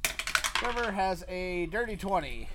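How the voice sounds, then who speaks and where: A man's voice: high-pitched, expressive, takes it slowly, very noisy. A man playing a tabletop game, giggly and hesitant, full of fillers. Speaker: player. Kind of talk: casual tabletop game chat.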